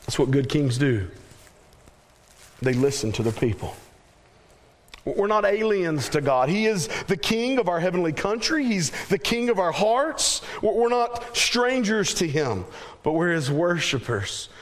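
A man with a Southern American accent preaching a sermon, slow and emphatic, repeating phrases and letting each one fall away at the end. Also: sits high, sing-song.

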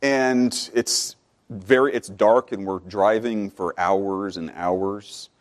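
A man's voice: on the low side, fairly even intonation, takes it slowly. Fervent preacher man. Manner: builds from quiet and conversational to loud, fervent preaching. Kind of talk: sermon.

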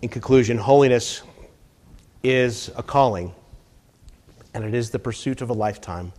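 A middle-aged or older man preaching a sermon at an ordinary pitch. He drops to hushed tones, then builds to emphatic bursts. He repeats his key phrases for weight. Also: moderate pace.

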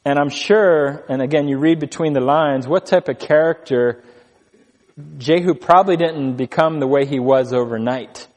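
A man preaching an expository sermon, reading scripture slowly and stressing key words with deliberate pauses. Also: on the high side, darkish tone, long reverb tail. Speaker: pastor.

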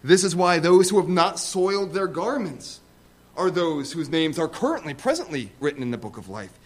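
A man preaching a sermon, speaking conversationally with asides and building to loud, emphatic repeated stresses. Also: on the high side, animated, moderate pace.

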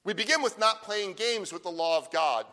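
A man preaching a sermon, emphatic, with slow stressed phrases and rhetorical questions. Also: high-pitched, expressive, sharp tone. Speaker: pastor. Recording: long hall reverb.

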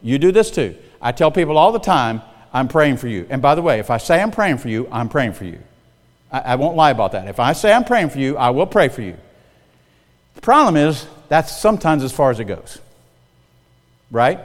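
A man's voice: medium pitch, sing-song, a little fast. Folksy preaching man in a reverberant hall. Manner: folksy, conversational, checks in with the congregation. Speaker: pastor. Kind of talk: sermon.

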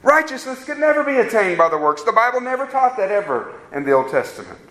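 A man preaching a sermon as a pastor, with rising emphatic peaks and slow, drawn-out stresses on key words. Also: high voice, very animated, sharp tone, echoey room, rough recording.

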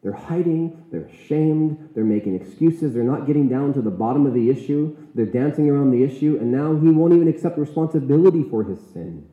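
A male pastor preaching a sermon in an earnest, emphatic way, slowing down to stress key words. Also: fairly high pitch, expressive. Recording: echoey room, tinny phone-like sound.

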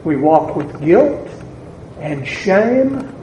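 A man with a Southern US accent preaching a sermon to a congregation in a church, deliberate and building to emphatic peaks. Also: a little high, sing-song, mellow, a little hiss or hum. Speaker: pastor. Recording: echoey church room with faint ambience.

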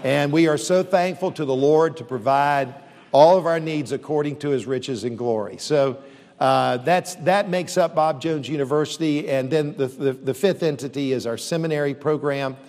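A man's voice: fairly high pitch, moderate pace, a little mellow. A man who leads a university, speaking earnestly and steadily to a church audience, with frequent fillers and restarts. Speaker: university leader. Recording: long reverb.

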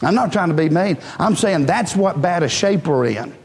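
Male preacher, high-pitched, plainspoken and self-mocking, recorded live in a reverberant church. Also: lively intonation, normal speed, a little mellow. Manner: folksy, blunt and self-deprecating, joking with the congregation. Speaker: pastor. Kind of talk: sermon. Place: church sanctuary.

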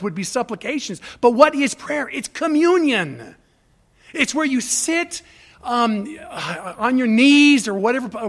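A middle-aged pastor with a very high-pitched, somewhat bright voice delivers a sermon. He builds emphasis by repeating phrases and letting his intensity swell.

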